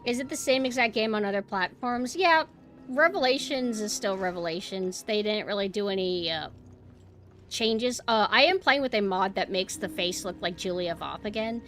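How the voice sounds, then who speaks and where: A woman streaming a game and chatting casually with her viewers, swinging between quiet murmurs and loud exclamations. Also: mid-range voice, normal speed, faint music behind. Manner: chatty, talks to chat directly. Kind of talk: casual gameplay livestream chat.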